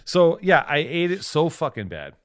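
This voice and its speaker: A man's voice: fairly high pitch, very animated, normal speed, fairly bright tone. A man co-hosting a podcast, trading insults in heated, mock-furious banter full of swearing. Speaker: podcast co-host.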